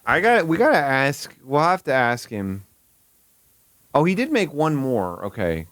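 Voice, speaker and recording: Lively, incredulous streamer man. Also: medium pitch, unhurried, dry recording, studio quality. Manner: incredulous, swearing, stammering with bursts of laughter. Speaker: streamer reacting to videos. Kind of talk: casual live-stream commentary.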